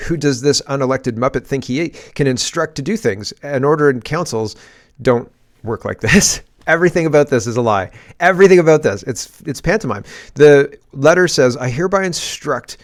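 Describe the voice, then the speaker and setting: A man hosting an opinionated political commentary show, sarcastic and animated, laughing as he rants. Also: mid-range voice, normal speed.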